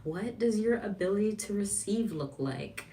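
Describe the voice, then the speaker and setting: A woman chatting casually on a livestream vlog, animated, laughing often, and acting out quoted lines. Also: medium pitch, moderate pace, distant mic, slight background noise. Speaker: lifestyle vlogger.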